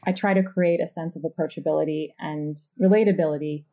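A woman's voice: sits low, fairly even intonation, quick pace, warm tone. A woman with a New Jersey accent hosting a podcast, chatty and self-deprecating, laughing often as she talks. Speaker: podcast host. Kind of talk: casual conversational interview.

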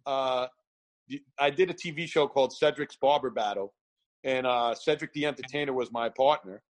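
A man's voice: medium pitch, moderate pace. A man telling stories in a casual chat, laughing often and acting out quotes. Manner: animated storyteller, laughs often, acts out quotes. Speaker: guest, barber event founder.

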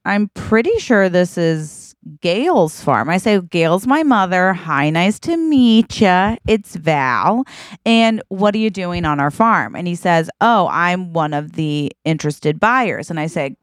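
A woman co-hosting a comedy podcast, spinning an improvised story in an animated, drawn-out way. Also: lowish voice, dry recording, studio quality. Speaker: podcast co-host.

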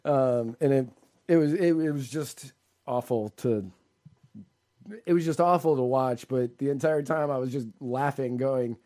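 A man's voice: mid-range voice, moderate pace, mellow. A man co-hosting a casual political podcast, talking sarcastically and in rambling runs. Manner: sarcastic, rambling, laughs often. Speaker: co-host.

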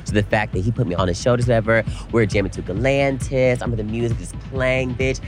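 A young man co-hosting a podcast, telling an animated story in casual chat and swearing freely. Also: mid-range voice, quick pace, over music. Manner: animated storytelling, frequent cursing. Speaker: podcast co-host.

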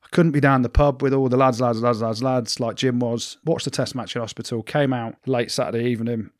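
A man's voice: medium pitch, steady tone, brisk, no echo, studio quality. A man cohosting a podcast, telling a self-mocking story in casual banter and laughing often. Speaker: podcast co-host.

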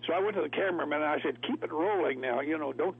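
A man's voice: fairly high pitch, rapid-fire, breathy edge. A man telling folksy stories as a guest, laughing often. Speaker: actor guest. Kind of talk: storytelling interview. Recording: tinny phone line, radio.

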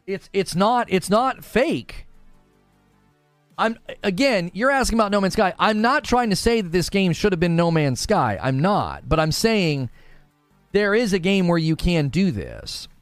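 Male streamer, fairly high voice, scoffing and emphatic while reading chat. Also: measured pace, clean tone, no room sound, faint music behind. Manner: sarcastic, incredulous; animated, emphatic. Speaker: gaming streamer. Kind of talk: live commentary reading chat.

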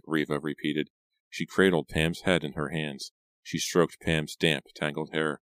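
A man narrating a teen thriller audiobook in a steady, suspenseful storytelling manner. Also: extremely low pitch, measured pace, dry recording. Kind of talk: scripted narration.

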